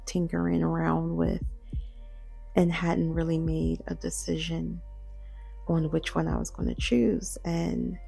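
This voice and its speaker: Female podcast host, 40s: hushed, reflective late-night talk, dark mellow tone, unhurried. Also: on the low side, creaky, husky. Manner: hushed, half-whispering, slow and reflective. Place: home at night.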